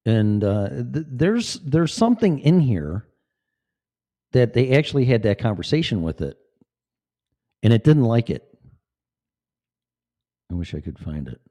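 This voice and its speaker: A man's voice: mid-range voice, sing-song, unhurried, pauses often, mellow. A man in his late fifties talking in a rambling, profane, emphatic monologue to camera. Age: 50s. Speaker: vlogger.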